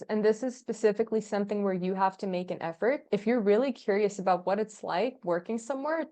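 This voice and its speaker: A woman in a relaxed podcast conversation, talking at a mid pitch. She tells stories with animated energy and slips into other people's voices when she quotes them. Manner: animated storyteller, acts out quoted dialogue, laughs often. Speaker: podcast guest, agency founder. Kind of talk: casual interview chat.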